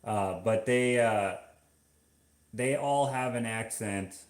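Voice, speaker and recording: A man from Canada talks in a casual, rambling way, stopping and restarting often and leaning on fillers. His voice sits a little low. The room around him adds a noticeable echo. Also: slow. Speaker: vlogger. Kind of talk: casual chat.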